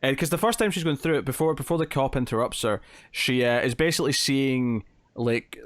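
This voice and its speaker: Fast-talking male podcast host. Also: medium pitch, no room sound. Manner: rambling, hedging, with frequent "like" and "kinda". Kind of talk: casual comic book review chat.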